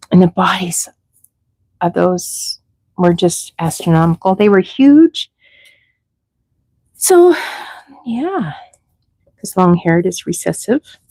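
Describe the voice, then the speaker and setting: Slow-talking woman with a gravelly low voice. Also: dark tone, no echo, rough recording. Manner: chatty, talks sweetly to baby rabbits. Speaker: rabbit breeder hosting a livestream. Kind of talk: casual livestream chat.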